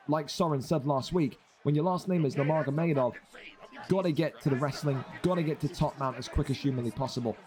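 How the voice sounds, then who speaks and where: A man with a blocked, stuffy nose doing energetic play-by-play commentary on video game fights. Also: fairly high pitch, slight background noise. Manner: energetic play-by-play, rising to shouts on big hits.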